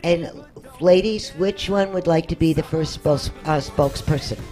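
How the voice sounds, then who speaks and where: A woman hosting a radio talk show in a casual, chatty way. Her voice sits a little low and she sounds bubbly and excited. Faint music plays behind her. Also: normal speed.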